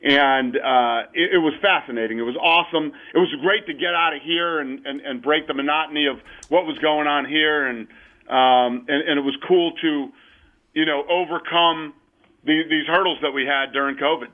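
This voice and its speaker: A man's voice: fairly high pitch, normal speed. A man being interviewed over the phone, talking in a blunt, emphatic way. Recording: tinny phone line.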